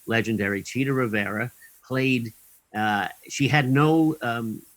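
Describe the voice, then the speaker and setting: A man's voice: medium pitch, measured pace, fairly bright tone, no room sound, rough recording. Guy telling a long showbiz story, lots of ums and little laughs, dry close sound. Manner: rambling, with many ums and chuckles. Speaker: guest. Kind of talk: anecdotal interview storytelling.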